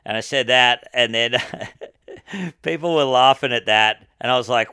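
Aussie podcast co-host, crude laughing storyteller, bright dry voice. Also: male voice, mid-range voice, a little slow, smooth, no room sound. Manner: crude, laughs a lot, acts out crowd voices. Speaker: stand-up comedian. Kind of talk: casual chat, storytelling.

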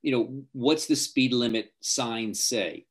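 A man's voice: mid-range voice, takes it slowly, breathy edge. Emphatic man coaching new drivers. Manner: emphatic, acts out quoted parents and teens. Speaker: driving coach. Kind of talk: interview guest giving advice.

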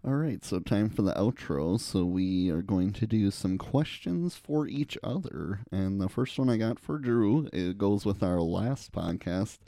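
Deep gravelly laid-back man. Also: measured pace, hardly any pauses, no room sound, studio quality. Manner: relaxed, reminiscing storyteller. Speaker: podcast co-host. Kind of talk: casual chat.

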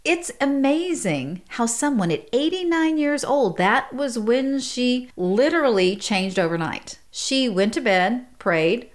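A woman's voice: a little high, big pitch swings, measured pace, hardly any pauses. A middle-aged woman hosting a podcast, telling personal stories in a casual advice talk and laughing often. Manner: warm storytelling, laughs often. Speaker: podcast host.

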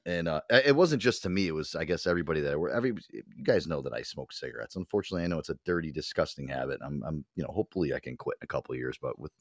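A man hosting a podcast, talking casually and animatedly, swearing often and mimicking other people in loud high voices. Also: animated, very fast, few pauses, no echo, studio quality. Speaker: podcast host. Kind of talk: casual chat.

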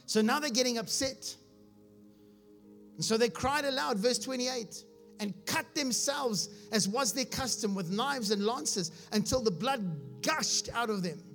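Soft music plays behind a preacher with an extremely high, slightly bright voice who takes his time. He reads passages of scripture, explains them with humor, and frequently asks whether his listeners are with him.

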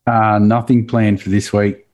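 A man's voice: fairly low pitch, little pitch movement, unhurried, a little mellow, muffled recording. A man co-hosting a casual podcast, telling stories with enthusiasm and chuckles. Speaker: podcast co-host.

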